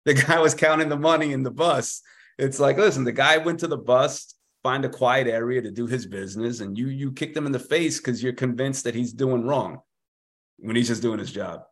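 A man with a New York accent, a musician talking as a podcast guest, speaking in a measured and halting way with many repeated words. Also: medium pitch, a bit bright. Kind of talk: casual conversation.

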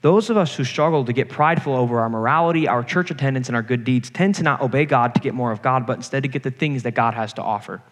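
A man's voice: mid-range voice, fast, few pauses. A young man giving an earnest sermon to a campus group, telling stories from his own life. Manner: earnest, personal storytelling preacher. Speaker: campus ministry speaker. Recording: reverberant hall.

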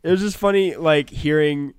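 A young man co-hosting a podcast, chatting casually and telling animated stories with frequent laughs. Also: a little high, moderate pace, clear, resonant tone, no room sound. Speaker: podcast co-host.

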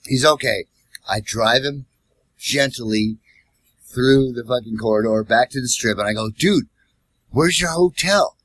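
A former cab driver co-hosting a podcast tells a wild story from his cab-driving days in casual, profane chat. His medium-pitched voice is unhurried and free of room sound, and he animatedly acts out the voices of the people involved.

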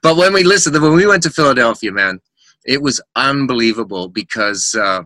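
A middle-aged man, a musician guest, telling lively anecdotes in casual chat and acting out the voices of people in them. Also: medium pitch, a little fast, no room sound. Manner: animated anecdotes with quoted voices.

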